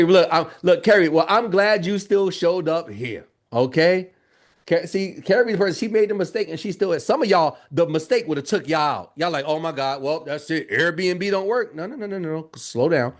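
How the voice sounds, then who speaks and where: A man teaching a live business training in an energetic, joking way, calling the audience "y'all.". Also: on the high side.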